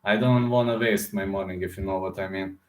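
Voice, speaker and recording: A man from Serbia, hosting a casual livestream with a hoarse throat and often pausing to search for words. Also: low voice, steady tone, roomy sound. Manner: halting, searching for words, many fillers. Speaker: livestream host answering chat.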